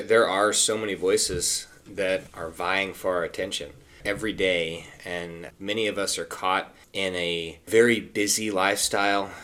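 Man, physician co-host; very low voice, earnest and measured in casual talk. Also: fairly bright tone. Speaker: osteopathic physician and podcast co-host.

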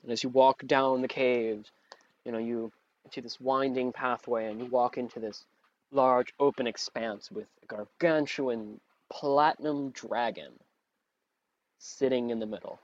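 A man's voice: medium pitch, steady tone, a little slow, highs cut off. A man running a tabletop game as game master, narrating scenes and patiently explaining rules, correcting himself as he goes.

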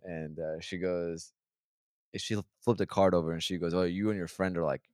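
A man's voice: sits low, steady tone, moderate pace, a little mellow, no echo, studio quality. A young man telling a rambling, profane story in a casual podcast chat. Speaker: podcast co-host.

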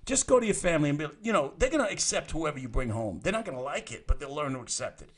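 A man's voice: fairly high pitch, sing-song, fast talker. A man hosting a crude comic call-in chat, rambling and profane, often laughing at his own jokes. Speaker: host of a live advice stream.

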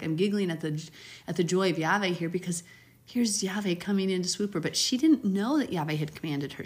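A woman reads scripture aloud and breaks off into heartfelt, conversational commentary. Her voice sits a little low, with a soft, breathy edge. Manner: warm, chatty, reads scripture with brief emotive asides. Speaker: Bible teacher. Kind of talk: casual Bible reading and commentary.

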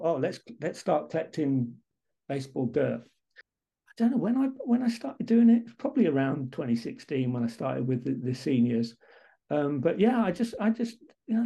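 Husky, gravelly man, halting. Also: on the high side, warm tone, low-quality recording. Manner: halting, many restarts and repeated words. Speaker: interview guest, baseball photographer. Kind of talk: casual podcast interview chat.

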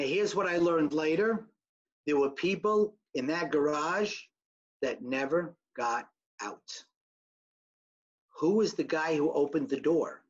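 A man with a rather high voice gives a personal testimony talk with slides, recounting events earnestly. He acts out the quoted dialogue by lifting his voice. The recording sounds somewhat dull and lo-fi. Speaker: survivor telling his story to an audience.

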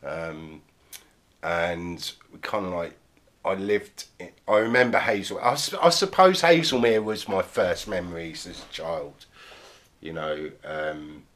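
A man with a southern English accent and a very low, deep voice talks as a podcast guest. He rambles through his story with many ums, "sort of" and "like". The delivery is casual and unhurried. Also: fairly bright tone. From southern England. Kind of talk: casual interview talk.

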